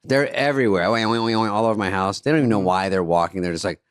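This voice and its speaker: A man in his fifties co-hosting a podcast, telling stories in a dry, deadpan comedic way. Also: on the low side, quick pace, smooth, dry recording. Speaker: podcast co-host. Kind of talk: casual comedic chat.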